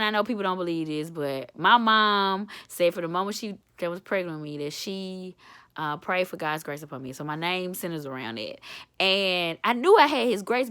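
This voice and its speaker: Woman motivator, vlog storyteller: bright tone, lively swooping pitch, candid and chatty. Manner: candid, chatty, calls listener honey and baby. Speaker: self-described motivator.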